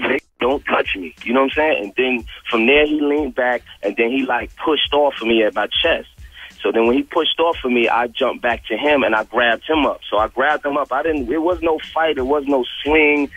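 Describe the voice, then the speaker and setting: A man's voice: medium pitch, normal speed. Man with a New York accent on a muffled radio call. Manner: animated, retells quotes in a slangy street style. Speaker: radio show guest. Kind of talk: casual storytelling on a call-in. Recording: muffled radio phone-in audio.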